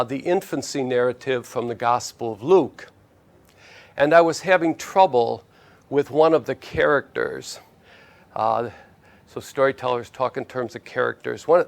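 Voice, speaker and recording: A man's voice: medium pitch, vocal fry. A man teaching in a conversational storytelling lecture, often checking in with his listeners. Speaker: spiritual teacher.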